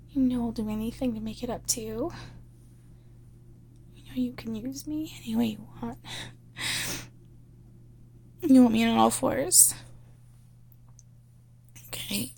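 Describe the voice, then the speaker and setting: A woman's voice: on the high side, gravelly, dark tone, breathy edge, pitched above the performer's own voice, full character voice. A woman voicing a nervous, apologetic young office worker who stammers and pleads breathlessly in an improvised audio role-play.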